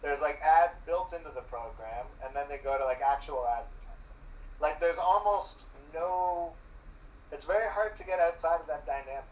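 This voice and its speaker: A man's voice: a little high, normal speed, a little mellow. A man who is a journalist talking casually as a guest, explaining at length with many fillers. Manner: loose, filler-heavy explaining. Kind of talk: casual conversation. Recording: roomy, distant, muffled mic.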